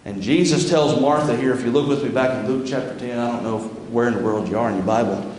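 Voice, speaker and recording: A man with a mid-range, darkish voice speaks at a quick pace, with slight background noise. As pastor of his church, he preaches a folksy, conversational sermon in the sanctuary, reading scripture aloud between his own remarks, and the very echoey hall gives a long reverb.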